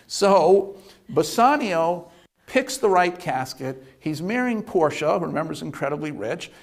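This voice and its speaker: A man giving a lecture, retelling a play as an animated storyteller who often restarts and fills with "uh". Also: fairly high pitch, gravelly. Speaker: economics lecturer.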